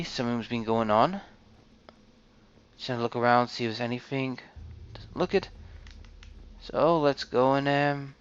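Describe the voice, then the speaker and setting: A man hosting a let's play, giving casual gameplay commentary and muttering to himself as he explores. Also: medium pitch. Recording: dull lo-fi recording.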